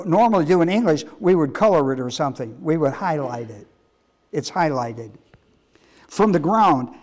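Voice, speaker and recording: A pastor with a high-pitched voice delivers sermon teaching, speaking emphatically, repeating points, and quizzing the congregation. His speech is halting and full of restarts.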